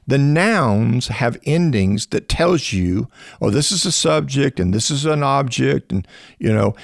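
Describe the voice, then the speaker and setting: Man, podcast teacher, gravelly, dry close sound, animated emphasis, restarts phrases. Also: no echo. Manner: animated, rising pitch when stressing points. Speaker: biblical scholar teaching on a podcast. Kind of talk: conversational teaching.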